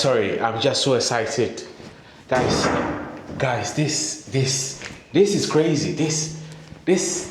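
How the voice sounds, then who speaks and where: A man's voice: medium pitch, a little hiss or hum. A man vlogging a hotel room tour, gushing and exclaiming as he shows each room. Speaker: travel vlogger. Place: hotel suite, indoors.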